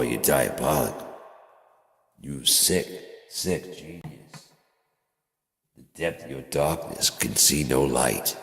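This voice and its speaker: A man rambling through a profane, sardonic monologue on his own channel. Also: a bass voice. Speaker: vlogger. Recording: echoey room with long reverb.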